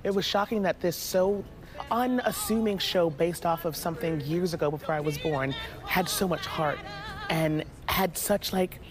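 A stage actor answering interview questions in a playful, expressive way. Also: mid-range voice, normal speed, over music.

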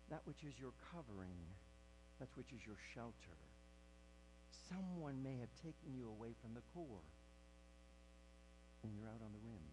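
Guy preaching a sermon, pitch jumps all over, goes whisper quiet then loud, bit of hum behind. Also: animated, a little slow, long pauses, poor audio. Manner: swings from hushed near-whisper to loud emphatic preaching. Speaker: pastor.

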